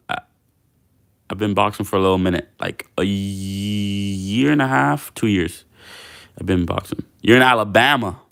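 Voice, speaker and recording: A man's voice: on the low side, creaky, sharp tone. A young man hosting a fitness livestream, chatting casually with viewers in a slangy, laid-back way.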